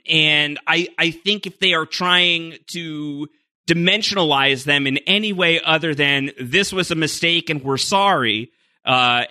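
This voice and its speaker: A man co-hosting a podcast in casual chat, opinionated and animated, often restarting his sentences. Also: a little high, dry recording, studio quality. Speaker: podcast co-host.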